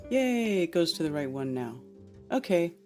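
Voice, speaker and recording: A woman hosting a casual livestream chat, laughing easily with callers and talking quietly and offhandedly when alone. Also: fairly low pitch, big pitch swings, normal speed, faint music behind. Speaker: host.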